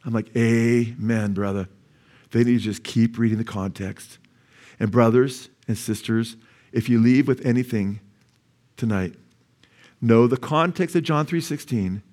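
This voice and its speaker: A man preaching a sermon from the pulpit of a church. He tells stories with lively energy, his voice climbing sharply when he gets excited and settling lower when he urges his listeners on. His pitch sits in an ordinary middle range for a man. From United States. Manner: animated storytelling, voice climbing high when excited. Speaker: pastor. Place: church sanctuary.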